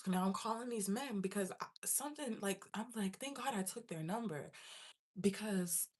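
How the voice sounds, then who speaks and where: This vlogger's medium-pitched voice is slightly rough, and she talks at a moderate pace. Telling her viewers a casual story, the young woman laughs often and animatedly plays out her own past panic.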